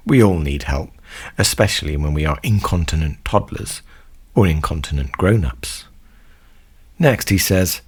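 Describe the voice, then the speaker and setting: A man's voice: low-pitched, animated, measured pace, husky. A man delivering scripted, mock-serious comedic commentary as a host. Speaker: comedy song analysis host.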